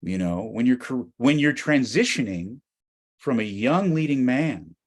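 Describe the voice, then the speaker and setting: At a slightly slow pace and medium pitch, a middle-aged man from the United States gives a lively storytelling talk as a guest, his American accent clear. He alternates between quiet asides and near-shouts.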